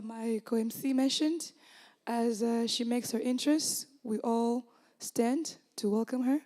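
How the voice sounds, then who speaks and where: Mellow-voiced woman co-emcee. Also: fairly high pitch. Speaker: co-master of ceremonies. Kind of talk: event announcements.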